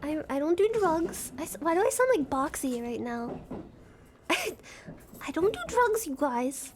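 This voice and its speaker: A sleep-deprived woman streaming a game live, giggly and excitable, chatting and thanking viewers. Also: sits high, measured pace, slight background noise. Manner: giggly, excitable, switches into silly voices.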